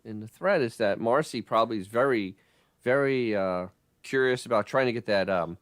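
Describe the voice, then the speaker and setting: A man's voice: mid-range voice, normal speed, dry recording, clean studio sound. A man co-hosting a podcast, telling loose, rambling stories in casual chat. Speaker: podcast co-host.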